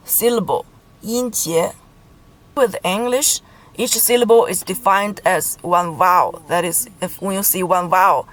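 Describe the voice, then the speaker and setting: Woman from Beijing, Mandarin teacher; measured explanatory lesson delivery, slow and deliberate on examples. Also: mid-range voice, a bit bright, rough recording.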